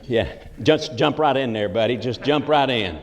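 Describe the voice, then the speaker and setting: In an echoey large conference hall, a comedic entertainer with a Southern US accent does stand-up storytelling in a folksy character for a live audience. His voice is medium in pitch and normal in speed as he spins comic tales and teases people in the crowd.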